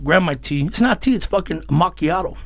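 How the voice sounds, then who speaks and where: A comedian guest with a high, gravelly, somewhat bright and expressive voice chats on a podcast with no room sound. He swears freely, tells stories and laughs readily, all in a small room lined with foam.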